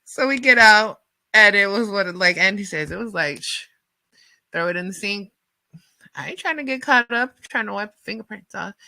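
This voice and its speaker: Bright-voiced woman telling a wild story. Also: mid-range voice, fairly quick, creaky, no echo. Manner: animated, lots of fillers and acted-out quotes. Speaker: radio host. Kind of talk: casual storytelling.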